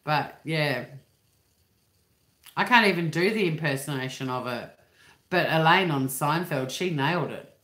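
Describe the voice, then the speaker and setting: A woman's voice: low-pitched, expressive, unhurried, long pauses, a bit bright. An Australian woman in her fifties, hosting a livestream from home in a rambling casual chat and swearing freely. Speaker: livestream host. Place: living room at home. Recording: roomy echo.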